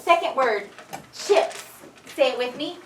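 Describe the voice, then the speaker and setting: A woman teaching a second grade dictation lesson, giving clear step-by-step prompts to the class. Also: sits high, lively intonation, measured pace. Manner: clear, directive teacher talk with choral prompts. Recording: echoey classroom from far off, light noise.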